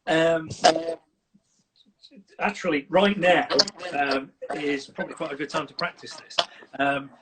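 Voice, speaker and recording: A man, a dog trainer, giving lively, casual advice on a video call. He acts out scenes and keeps checking in with "right?". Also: fairly high pitch, measured pace, long pauses. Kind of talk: casual advice on a live stream. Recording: distant mic with loud noise.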